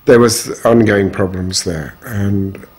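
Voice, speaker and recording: An older man from Australia, recounting his life in an interview in a measured, frank way. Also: lowish voice, a little mellow, breathy edge. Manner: measured, frank, strong views. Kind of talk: reflective personal storytelling.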